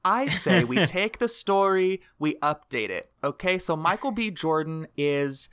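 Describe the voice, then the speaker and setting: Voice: mid-range voice, expressive, a little slow, fairly bright tone, clean tone. A co-host on a casual movie podcast, speaking with dry, sarcastic humor. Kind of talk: casual movie-talk chat.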